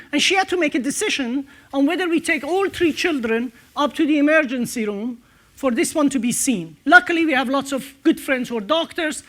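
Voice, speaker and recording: Keynote speaker, man, higher voice, relaxed storytelling at a conference. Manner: storytelling, conversational with filler pauses. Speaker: entrepreneur speaker. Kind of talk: conference talk. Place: conference stage.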